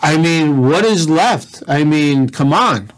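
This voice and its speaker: A man co-hosting a talk show, his voice a little higher than average. He asks incredulous, prodding questions in a casual, conversational way. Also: animated, slow. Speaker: co-host.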